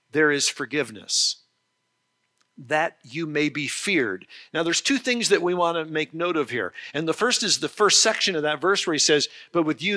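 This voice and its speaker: A man preaching a sermon, earnest and explanatory, slowing down on key phrases and often restarting his sentences. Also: on the high side, bright, forceful tone. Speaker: pastor.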